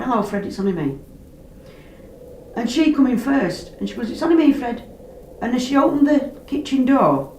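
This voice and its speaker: Woman telling a story, far from the mic. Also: medium pitch. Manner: animated, acts out quoted voices, dialect grammar. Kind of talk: casual storytelling. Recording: roomy, distant mic, background noise.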